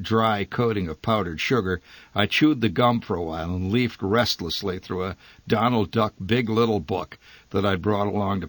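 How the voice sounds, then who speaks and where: A man reading a humorous memoir story aloud, with a wry, dry and lively delivery. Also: fairly low pitch, dry recording. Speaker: narrator.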